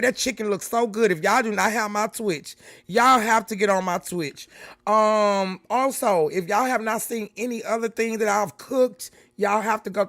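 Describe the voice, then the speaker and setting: A woman's voice: medium pitch, fairly bright tone. A chatty woman hosts a casual livestream from her home, talking straight to her viewers and calling them baby and honey. Her voice sounds close and dry, with no room echo. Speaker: livestream host.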